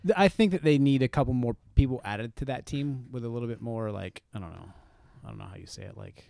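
A man retells comic scenes in a loose, animated podcast chat and swears casually as he goes. His pitch moves a lot, and the recording is close and dry. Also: quick pace, gravelly, dry recording. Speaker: podcast co-host.

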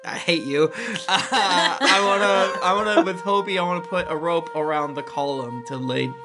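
A woman's voice: fairly low pitch, moderate pace. Giggly woman rambling through her turn at a tabletop game, music playing behind. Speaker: player.

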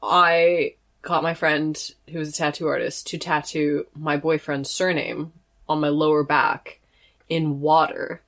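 A woman's voice: low voice, little pitch movement, a little slow, fairly bright tone. Rambling young woman telling a story. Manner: rambling, self-deprecating, giggly. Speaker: podcast guest. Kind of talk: casual storytelling.

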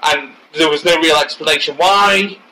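A man's voice: fairly high pitch, normal speed, vocal fry, pushed and bright, rough recording. A man co-hosting a casual film podcast, blunt and opinionated, swearing freely and trailing off mid-sentence. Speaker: podcast co-host.

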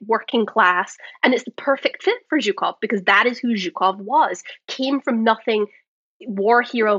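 A woman from Britain speaks with a husky voice over a dull, dry call line. She explains her points confidently and clearly. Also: medium pitch, a bit bright, no room sound. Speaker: podcast panelist. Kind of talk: film discussion on a call. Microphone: video call.

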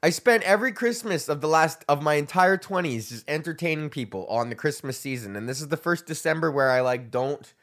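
Man in his thirties, stand-up comic hosting a solo rant podcast, pitched a touch high, crude and rambling. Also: animated, brisk, few pauses, fairly bright tone. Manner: profane, rambling, laughs at his own jokes. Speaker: comedian podcast host. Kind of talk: ranting solo podcast monologue.

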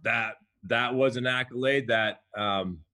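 A man, a chef from the United States, telling stories in a relaxed interview, restarting phrases and acting out what others said. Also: medium pitch, takes it slowly. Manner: animated, restarts phrases, acts out quoted chefs. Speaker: chef and guest. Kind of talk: conversational storytelling.

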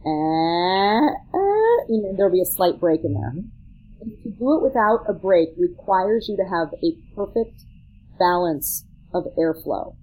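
A woman's voice: fairly low pitch, warm tone, husky, rough recording. A woman who is a vocal coach, explaining singing technique and showing sounds as she goes. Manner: instructive, demonstrates sounds while explaining. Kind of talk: teaching on a talk show.

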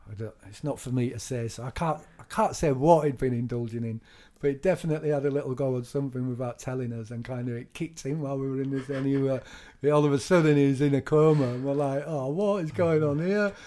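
A man's voice: mid-range voice, fast talker, few pauses. Chatty middle-aged man. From England. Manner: animated, laughs often, swears. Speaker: DJ guest. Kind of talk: casual storytelling interview.

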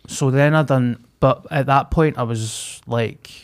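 A man's voice: medium pitch, measured pace. A man, co-hosting a podcast and telling a vivid, sweary story in casual chat. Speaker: podcast co-host.

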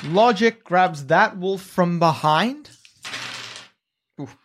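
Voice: mid-range voice, animated, drawn-out words, a bit bright, slight background noise. A game master narrating a tabletop game with wry humor, often laughing mid-sentence.

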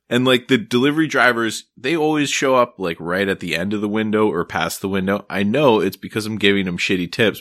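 A man's voice: on the low side, a bit bright, no room sound. A man from Maryland co-hosting a podcast, ranting casually with profanity and wry laughs. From Maryland, USA. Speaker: podcast co-host. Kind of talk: casual chat.

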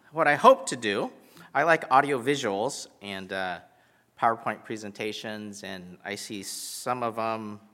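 A man's voice: fairly low pitch, pushed and bright. A man giving a conversational sermon with self-deprecating humor, from the United States. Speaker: pastor. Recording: reverberant hall.

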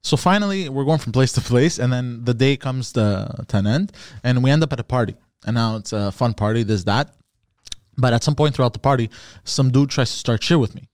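A man's voice: mid-range voice, a little fast, a little mellow, no room sound, studio quality. A man co-hosting a podcast, telling a long dream story in casual chat, with lots of fillers and restarts. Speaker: podcast co-host.

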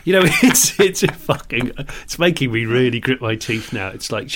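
A man co-hosts a relaxed podcast, swearing as he rants about small annoyances. His pitch swings widely, lifting high when he gets worked up, and he talks at an ordinary pace. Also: fairly quick, hardly any pauses. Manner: swears a lot, animated ranting. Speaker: podcast co-host. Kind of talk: casual chat.

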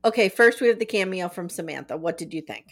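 A woman's voice: on the low side, expressive, fast. A woman hosting a TV recap podcast, chatting casually and sarcastically with plenty of "like" fillers. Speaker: podcast host.

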